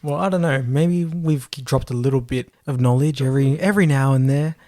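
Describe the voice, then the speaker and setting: An Australian man co-hosting a casual podcast, relaxed and gently teasing his partner. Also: mid-range voice, brisk. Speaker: podcast co-host. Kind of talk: casual chat.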